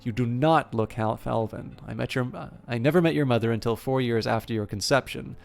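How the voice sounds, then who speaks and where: Man putting on a gravelly sardonic elf warrior. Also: medium pitch, a little fast, lightly acted. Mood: furious. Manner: sardonic, blustering oaths. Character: proud hot-tempered male elf warrior.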